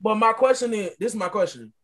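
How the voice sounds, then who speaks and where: A speaker in a casual group chat, animated and emphatic, often repeating a point. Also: medium pitch, fast.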